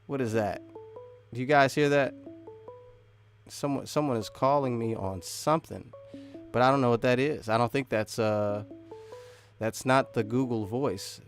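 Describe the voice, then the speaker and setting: Hosting a casual live stream, a man rambles with his viewers, often restarting sentences and laughing between thoughts. He has a mid-range voice and a measured pace with frequent pauses, over soft background music.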